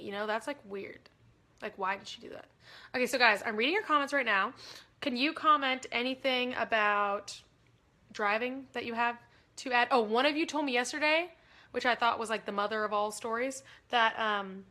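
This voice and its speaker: Bright chatty young woman rambling on a livestream, bit high, lots of giggles. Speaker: livestream host. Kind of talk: casual livestream chat.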